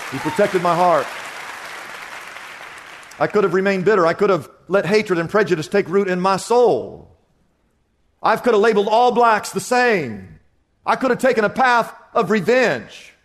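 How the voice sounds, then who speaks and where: A man from Kansas, a pastor, preaching a sermon with vivid storytelling that sinks to a hushed tone at key moments. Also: high-pitched, lively intonation, normal speed, some chatter behind.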